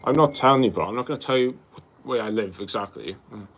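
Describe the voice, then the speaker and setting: Young man, low voice, rambling. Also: fast, fairly bright tone, slight background noise. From Wales. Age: 20s. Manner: loose and rambling, calls people bro, many fillers. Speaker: livestream host. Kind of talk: casual chat answering live viewer questions.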